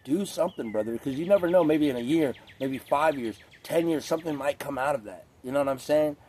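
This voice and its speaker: A man's voice: fairly high pitch, a little fast, darkish tone, a little hiss or hum. A man talking straight to camera in a casual, rambling rant, swearing often and leaning on filler words. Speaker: vlogger.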